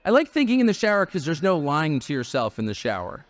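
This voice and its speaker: A man's voice: fairly high pitch, wildly swooping pitch, quick pace. A man in his fifties giving a rally speech with wry, joking asides. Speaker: guest speaker at a political rally.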